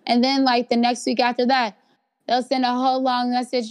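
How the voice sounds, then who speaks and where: A woman's voice: a little high, completely flat delivery, moderate pace, clean tone. A young adult woman, a guest actress, chatting candidly in an interview, swearing freely and acting out the messages people send her. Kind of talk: casual interview chat.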